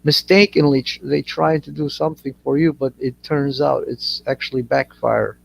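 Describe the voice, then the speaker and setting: A man's voice: mid-range voice, moderate pace, creaky, a little hiss or hum. A man from Iraq chatting casually, telling stories crudely with lots of swearing. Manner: crude, swears freely, animated storyteller. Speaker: channel host. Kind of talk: casual chat. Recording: dull lo-fi audio.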